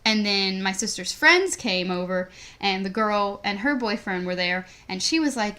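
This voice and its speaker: A young woman in her teens talks through a story in a loose, rambling way. Her voice sits at a middle pitch, and she leans on "like" almost every few words. This is relaxed podcast chat between co-hosts. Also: moderate pace. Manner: rambling, says "like" constantly. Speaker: podcast co-host.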